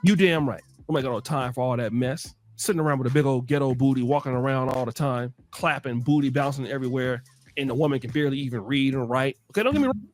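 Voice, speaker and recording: A man's voice: mid-range voice, fast, faint music behind. A man hosting a commentary show, talking emphatically and repeating words when he gets worked up. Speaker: show host. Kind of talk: animated casual commentary.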